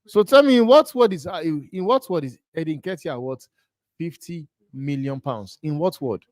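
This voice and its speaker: A man hosts a live football stream and rants with incredulity, circling back over the same point. His voice sits a little high for a man. The sound is close and dry. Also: lively intonation, moderate pace, no room sound. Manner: incredulous, ranting, repeats himself. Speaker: host. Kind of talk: live football watch-along chat.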